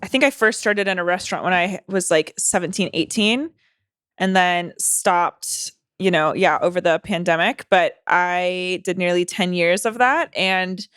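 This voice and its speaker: A woman's voice: fairly low pitch, measured pace, fairly bright tone, clean tone, dry recording, clean studio sound. A young woman co-hosting a podcast, chatting candidly and swearing often. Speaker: podcast co-host. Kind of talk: casual chat.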